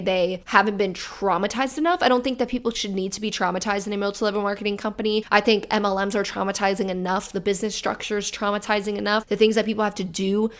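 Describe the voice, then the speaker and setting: A woman hosting a critical commentary video, speaking in a measured, pointed way. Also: medium pitch. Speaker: commentary host.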